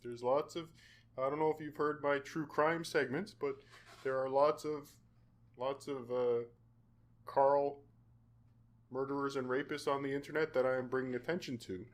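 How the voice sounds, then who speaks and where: A man hosting his own podcast, talking in an earnest, halting way with frequent restarts. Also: mid-range voice, steady tone. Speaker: podcast host. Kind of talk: casual podcast chat.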